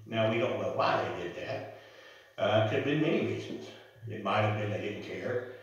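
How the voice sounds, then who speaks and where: A man's voice: lowish voice, expressive, normal speed, muffled recording. Man, pastor, in-person sermon, storytelling, very roomy church sound. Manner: storytelling, conversational. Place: church sanctuary. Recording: echoey church, mic from far off.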